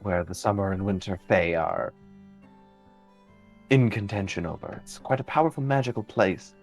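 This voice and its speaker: A man voicing a calm, knowing female fey being in a tabletop game, speaking slowly and in a measured way. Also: on the low side, faint music behind.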